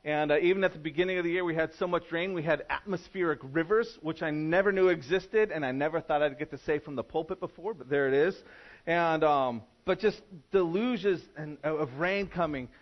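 A man with a high voice preaches from the pulpit. He talks conversationally, full of fillers and restarts. The recording sounds dull and lo-fi. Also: fairly quick. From California. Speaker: pastor. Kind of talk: sermon.

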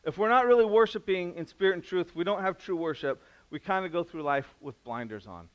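Conversational pastor, a bit high-voiced. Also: male voice, lively intonation, fairly quick, dull audio. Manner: casual, conversational preaching with restarts and acted-out quotes; drops to a soft, quiet voice in prayer. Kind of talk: sermon.

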